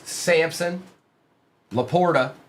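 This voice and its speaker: A man's voice: fairly high pitch, takes it slowly, a little hiss or hum. A man hosting a live sports card break, reading out player names from the pulls and chatting casually with viewers in the stream chat.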